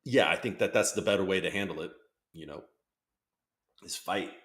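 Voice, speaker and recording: A man's voice: low voice, moderate pace, a bit bright, slightly rough. A man hosting his own livestream, chatting loosely about markets and reading out viewer comments, swearing now and then. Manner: rambling, loose, swears casually. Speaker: livestream host.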